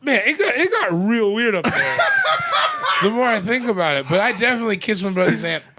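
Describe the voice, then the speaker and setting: A man, a guest comedian, chatting casually on a podcast, telling animated stories, laughing often and swearing freely. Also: high voice, a little fast, heavy background noise.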